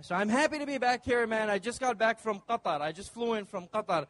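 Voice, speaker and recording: Playful high-voiced man doing stand-up. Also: brisk, fairly bright tone. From Dubai. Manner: punchy, playful crowd work. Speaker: stand-up comedian. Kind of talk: stand-up comedy set. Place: comedy club stage.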